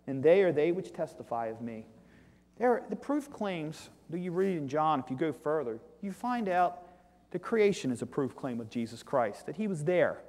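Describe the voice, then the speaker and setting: A man preaching a sermon, reading scripture aloud and swinging between loud declaiming and quiet asides. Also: fairly high pitch, lively intonation, normal speed. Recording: long hall reverb.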